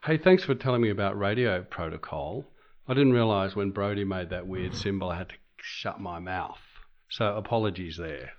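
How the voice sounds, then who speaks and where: Male radio voice, lowish, playful rambler, slightly muffled sound. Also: moderate pace, slight background noise. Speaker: radio presenter. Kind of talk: chatty studio banter.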